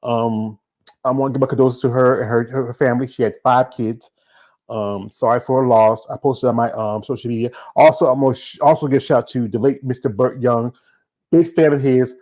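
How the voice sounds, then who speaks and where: Southern American man, casual host, quick and rambling delivery, mid-pitched voice. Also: fairly even intonation, darkish tone. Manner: fast talking with many fillers and restarts. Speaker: show host. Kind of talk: casual solo show wrap-up.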